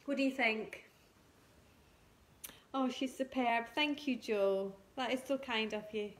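A woman's voice: on the high side, slow pace. Woman guiding a live colouring tutorial. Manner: gentle step-by-step guidance, thanks viewers by name. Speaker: craft tutor.

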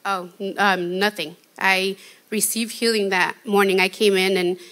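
Bright-voiced woman giving shy testimony. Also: mid-range voice, flat delivery. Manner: earnest, halting conversational retelling. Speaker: testimony guest. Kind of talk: personal testimony.

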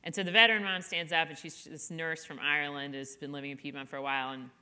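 A middle-aged woman author talks candidly at a live event, chatty and self-deprecating. Her voice is bright and forward, pitched on the lower side for a woman. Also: steady tone, fast. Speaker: author guest. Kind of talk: candid conversational interview.

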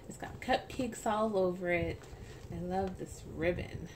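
A woman chatting casually as she unboxes a package, gushing and soft-spoken, at home. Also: fairly low pitch, a little slow, low-quality recording. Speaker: doll collector vlogger. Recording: steady background hiss.

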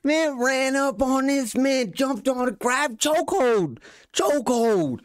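Excitable reaction host, slow and dry. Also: high voice, no room sound. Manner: excitable, exclamatory. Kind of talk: music reaction commentary.

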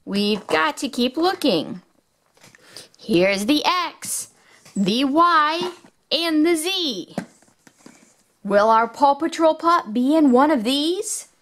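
Female host for a kids' phonics toy video: very slow, lively, bouncy delivery with excited squeals. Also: sits high. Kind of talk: children's educational toy demo.

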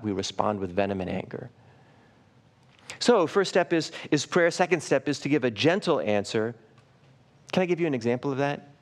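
An earnest man preaching a sermon in a mid-pitched voice, neither high nor low. He illustrates his points as he goes, often restarting and doubling up words. He drops to a slower, softer delivery for the key phrases. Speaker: pastor. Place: church live stream.

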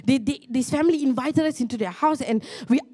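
A high-pitched young woman preaches a sermon. She tells her story earnestly, often restarting her sentences, and her voice climbs as she gets excited. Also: a little fast. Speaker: pastor. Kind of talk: sermon testimony.

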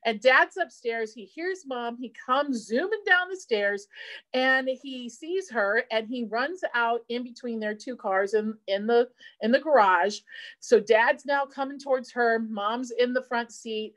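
A woman's voice: fairly high pitch, a little slow. A middle-aged woman, an insurance advisor giving a seminar talk and telling a family story in a chatty way. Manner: chatty storyteller, quotes family in lively voices.

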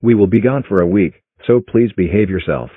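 A strict, businesslike father laying down rules, as a man voices him. His voice sits very low and husky. The audio is tinny and dry. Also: brisk, no echo. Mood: stern.

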